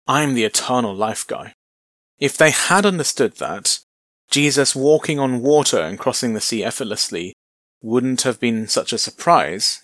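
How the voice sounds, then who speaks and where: A man leads a Bible study, walking through the passage verse by verse in a relaxed, conversational way and adding wry asides. His voice sits at a middling pitch. The recording is close and dry, with no room echo. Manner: conversational, explaining with light humor. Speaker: Bible teacher.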